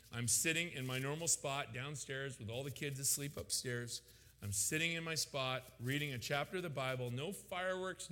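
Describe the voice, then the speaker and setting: Pastor guy, 30s, bright pushy voice, big hall echo, stammers and gets loud. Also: on the high side. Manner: animated, rising to loud emotional peaks; frequent fillers and stammered restarts. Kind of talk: sermon storytelling. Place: church sanctuary. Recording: long hall reverb.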